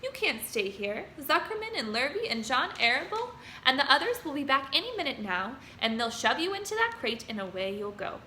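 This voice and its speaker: A wise, weary spider who speaks softly and calmly, read by a woman. The voice is bright and sits in an echoey room. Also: fairly quick, few pauses, a little hiss or hum, full character voice. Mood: firm. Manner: soft and low, calm. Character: dying female spider, calm and wise. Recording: roomy room echo.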